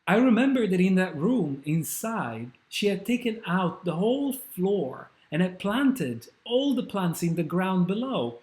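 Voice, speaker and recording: An eyewitness recalls a strange sight, pausing to search for the right words, as a man reads the lines. The voice sits a bit above normal speech. The room adds a noticeable echo. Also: high-pitched, darkish tone, voice pushed up. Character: witness recalling a strange scene.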